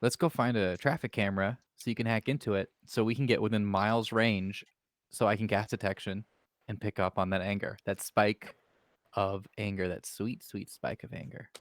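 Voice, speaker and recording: A man playing a tabletop game, eagerly talking through plans out loud. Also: on the low side, fairly even intonation, normal speed, dry recording, clean studio sound. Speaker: player. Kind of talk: casual tabletop chat.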